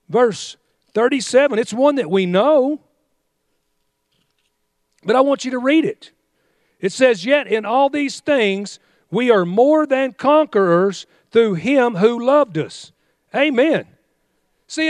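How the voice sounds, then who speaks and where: A man's voice: very high-pitched, dry recording, studio quality. A male pastor preaching a fiery sermon, exhorting his congregation with call-and-response commands.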